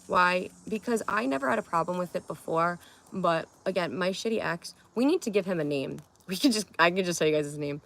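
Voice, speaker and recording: A woman's voice: lowish voice, expressive, a little fast, creaky, a bit bright. A young woman chatting casually on a live stream, rambling, giggling and swearing now and then.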